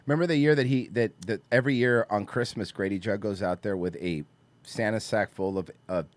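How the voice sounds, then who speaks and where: A man's voice: fairly low pitch, brisk. A man hosting a casual podcast, telling stories and swearing freely. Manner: profane, animated storyteller who acts out quotes. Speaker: podcast host.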